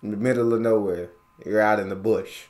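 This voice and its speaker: An American man hosts a reaction video in an animated, slang-heavy way, talking back at what he watches. His voice sits somewhat low. He keeps the tone loose and chatty. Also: fairly quick. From United States. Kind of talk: casual reaction commentary.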